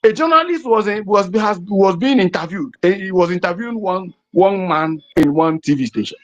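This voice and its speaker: A political activist from southeastern Nigeria, speaking with a Nigerian English accent, delivers an impassioned address full of emphatic, repetitive rhetoric. His voice is high-pitched with lively intonation at a normal speed. The lo-fi recording sounds dull.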